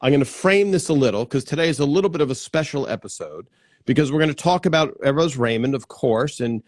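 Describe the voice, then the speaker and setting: A man's voice: medium pitch, animated, quick pace, no room sound, clean studio sound. A man hosting a casual live stream, chatting and greeting viewers by name as he goes, with frequent restarts. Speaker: livestream host. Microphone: plugged-in desk microphone.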